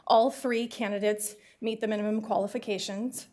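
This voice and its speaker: A woman on city planning staff, giving a brisk, casual report to a council while slightly out of breath. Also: mid-range voice, steady tone, a little mellow. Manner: brisk, breezy, a little out of breath. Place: council chamber.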